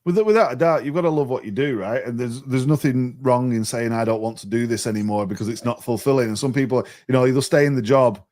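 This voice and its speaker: Male guest, mid pitch, animated storyteller, stumbles and restarts. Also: quick pace, hardly any pauses. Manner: animated, chatty, often repeats words as he restarts. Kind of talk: storytelling in a podcast interview.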